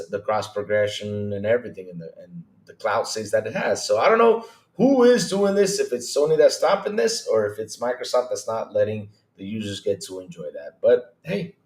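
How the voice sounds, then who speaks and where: A man hosting a gaming podcast livestream, chatting casually, greeting viewers by name and teasing in a lively way. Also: mid-range voice. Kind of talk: casual livestream chat reading viewer comments. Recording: roomy echo.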